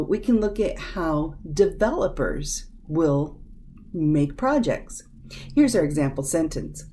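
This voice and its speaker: A woman teaching a vocabulary lesson, sounding out words slowly and carefully. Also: on the low side, mellow. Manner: slow, careful over-enunciation of words.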